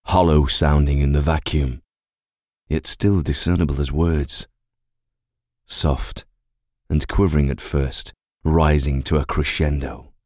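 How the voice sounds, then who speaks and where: Male audiobook narrator, very deep voice, measured fantasy storytelling, dry close recording. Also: a little mellow, dry recording. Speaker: audiobook reader.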